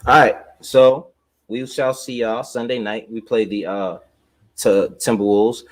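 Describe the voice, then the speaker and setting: Low-voiced guy hosting a chill sports podcast, lots of ums, on a call. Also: fairly even intonation, measured pace. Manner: laid-back, loose, with many fillers and laughs. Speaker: podcast host. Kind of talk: casual sports chat.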